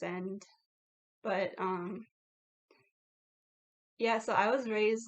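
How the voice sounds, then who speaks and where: Woman vlogger, unhurried, mid-pitched, filler-heavy confessional chat. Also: fairly even intonation. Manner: reflective, heavy "like" fillers, laughs between thoughts. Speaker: YouTuber. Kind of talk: casual confessional vlog talk.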